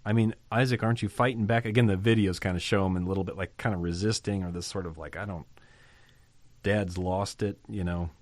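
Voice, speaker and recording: Male Bible teacher, lowish voice, conversational scripture commentary, dry studio sound. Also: fairly even intonation, fast, hardly any pauses, no room sound.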